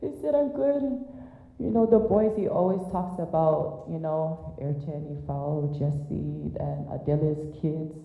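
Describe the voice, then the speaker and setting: A low-voiced middle-aged woman gives a candid eulogy for her father, telling stories with wry self-deprecating asides. Her voice rings in an echoey hall. It comes through thin and tinny, like a phone line. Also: steady tone, a little slow. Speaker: daughter giving a eulogy. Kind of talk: personal memorial speech.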